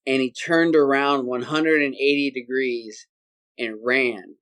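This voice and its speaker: Man, medium pitch, podcast guest, casual storytelling, animated, acts out sounds. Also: a little slow.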